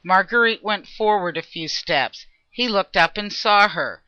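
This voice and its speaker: A woman reading a classic adventure novel aloud as an audiobook narrator, in a measured, expressive manner. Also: medium pitch, no room sound, highs cut off. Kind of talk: scripted narration.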